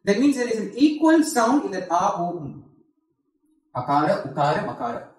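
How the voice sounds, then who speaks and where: A man's voice: high voice, big pitch swings, a little mellow. A man teaching a group how to chant a mantra, patiently explaining each part and often checking with "okay?". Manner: chants the mantra in a slow sung tone. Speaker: spiritual teacher. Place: devotional centre hall. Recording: echoey hall, from far off.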